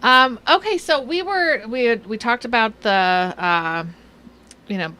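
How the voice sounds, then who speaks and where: A woman's voice: on the high side, unhurried, sharp tone. A woman hosting a live stream, chatting casually and informally, often laughing. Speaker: live show host.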